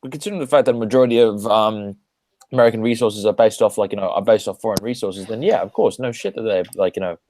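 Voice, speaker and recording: A man's voice: fairly low pitch, fast talker, warm tone, a little hiss or hum. A man who is a guest on a podcast, making sarcastic, drawling asides in a casual political discussion.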